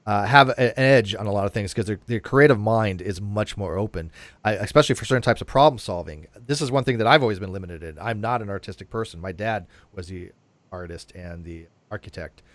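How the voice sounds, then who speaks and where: Man, show host, quick talker, repeats and restarts, dry close sound. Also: fairly low pitch, no echo. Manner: animated, lots of repeated words and restarts. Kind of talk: casual panel chat.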